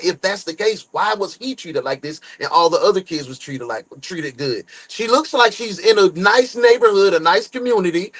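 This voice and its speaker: A man's voice: high-pitched, low-quality recording. A man hosting a true crime reaction stream, talking in slang, cursing and reading viewer comments aloud.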